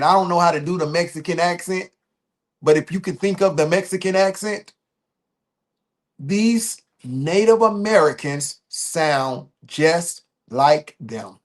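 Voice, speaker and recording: High-voiced man hosting a loose livestream. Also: animated, unhurried. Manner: loose and repetitive, restarting phrases, emphatic then trailing off quietly. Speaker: livestream host. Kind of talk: casual livestream talk.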